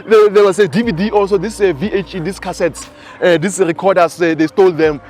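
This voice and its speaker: A man in his twenties with a South African accent, giving a casual, animated spiritual teaching talk. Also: sits high, fast, faint music behind. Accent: South African English. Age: 20s. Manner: animated storyteller.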